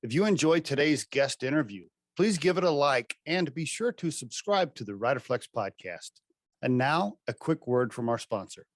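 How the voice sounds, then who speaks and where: A man hosting a podcast, talking in an animated way, often stammering and sounding amazed. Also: mid-range voice, moderate pace, no echo, clean studio sound. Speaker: podcast host. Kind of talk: casual interview chat.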